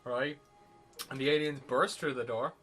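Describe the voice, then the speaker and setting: A man's voice: medium pitch, steady tone, moderate pace, sharp tone, soft background music. A man on a podcast casually recapping a film, rambling and swearing. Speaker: podcast host. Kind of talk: casual film review chat.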